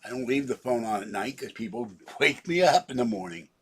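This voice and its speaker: A man's voice: medium pitch, animated, fairly quick, a bit bright, a little hiss or hum. A man vlogging in a rambling, casual chat, grumbling and chuckling to himself.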